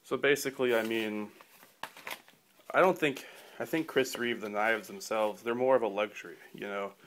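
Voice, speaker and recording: A man's voice: lowish voice, moderate pace, fairly bright tone, a little hiss or hum. A man giving a casual knife review in a rambling way, full of fillers and restarts, with dry offhand humor.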